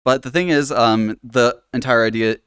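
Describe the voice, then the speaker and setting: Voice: medium pitch, moderate pace, fairly bright tone, smooth, no echo, clean studio sound. A live streamer chatting casually while exploring, rambling and self-deprecating.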